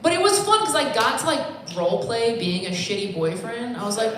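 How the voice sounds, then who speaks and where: A woman's voice: a little high, expressive, fairly quick, few pauses. Rambling woman doing stand-up. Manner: rambling, self-deprecating, conversational. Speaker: stand-up comic. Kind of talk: stand-up comedy set. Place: comedy bar stage. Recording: echoey bar room, faint noise.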